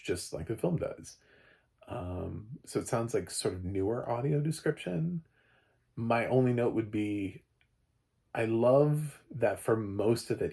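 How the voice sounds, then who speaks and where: A man giving a casual, rambling spoken film review, often restarting and jumping up in pitch when animated. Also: creaky, husky.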